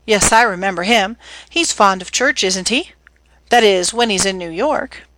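A woman's voice: medium pitch, moderate pace, a bit bright, no echo, lightly acted, low-quality recording. A woman reading as a young man, a teasing yet protective older brother who talks in a breezy, slangy, earnest way.

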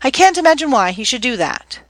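A woman reading as a young woman, a sweet, spirited and secretive sister who speaks softly, by turns pleading and lightly playful. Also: high voice, very animated, a little fast, no room sound, pitched above the performer's own voice.

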